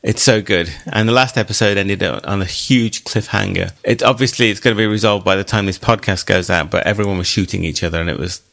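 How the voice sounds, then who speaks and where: Gravelly-voiced man hosting a film podcast. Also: on the low side, brisk, few pauses, a bit bright. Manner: enthusiastic, chatty. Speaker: podcast co-host. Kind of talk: casual film-review banter.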